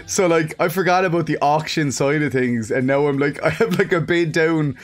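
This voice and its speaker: A man's voice: a little high, moderate pace. An Irish man chatting casually on a live game stream, greeting viewers by name, laughing often and swearing freely. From Ireland.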